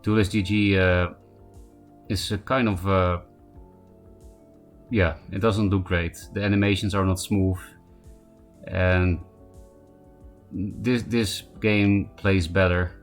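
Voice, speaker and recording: Low-voiced man streamer, rambling. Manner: rambling, thinking aloud with fillers. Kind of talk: casual live-stream commentary.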